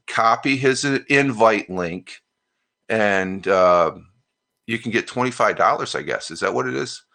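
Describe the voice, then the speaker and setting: A man's voice: fairly low pitch, pushed and bright. An American man hosting a live stream, chatting casually, rambling and restarting as he reads out viewer comments. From United States.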